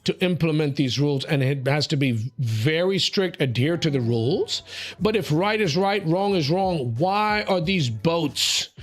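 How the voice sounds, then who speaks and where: A man's voice: fairly high pitch, animated, measured pace. A man hosting an opinionated panel talk show, speaking emphatically, often repeating words, and calling people mate or sweetie. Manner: repeats words when building a point.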